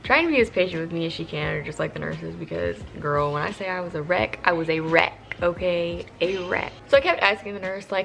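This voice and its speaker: A woman's voice: on the low side, fairly quick, vocal fry, slight background noise. A young woman vlogger casually telling a candid, profane story to the camera. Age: young adult. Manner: candid, profane, animated retelling.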